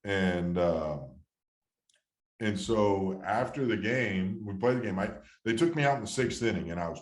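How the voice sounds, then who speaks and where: A man's voice: fairly low pitch, lively intonation, normal speed, roomy sound. A man in his thirties, a former ballplayer, telling a long story in a casual interview, rambling with fillers and restarts. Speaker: guest, former baseball catcher.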